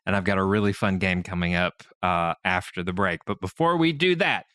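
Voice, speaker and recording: A man's voice: low voice, fairly quick, no room sound, clean studio sound. A man hosting a podcast in a casual chat, telling stories with lots of laughter. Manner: animated storyteller who laughs often. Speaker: podcast host.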